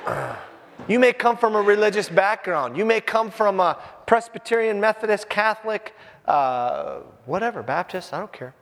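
Animated, high-voiced man preaching in a hall. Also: normal speed. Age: 50s. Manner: animated, jokey, talks straight to the congregation. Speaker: pastor. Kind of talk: sermon. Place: church with a congregation.

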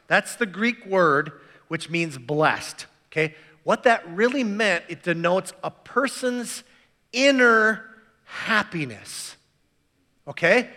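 Male pastor, sermon, casual and animated, higher voice, long hall reverb. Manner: conversational, animated preaching with repeated restarts.

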